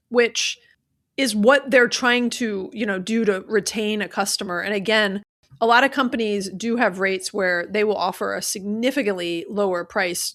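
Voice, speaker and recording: A woman's voice: medium pitch, fairly bright tone. A woman co-hosting a money podcast, chatting casually with lots of fillers and acting out sample call scripts. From American South. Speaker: podcast co-host. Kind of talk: casual chat.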